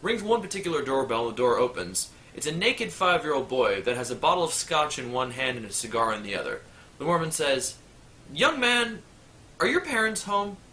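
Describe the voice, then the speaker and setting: Man telling crude jokes, animated, lively pitch, bright tone, jumps into voices. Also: brisk, slight background noise. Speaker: joke teller. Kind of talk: rapid-fire dirty joke telling.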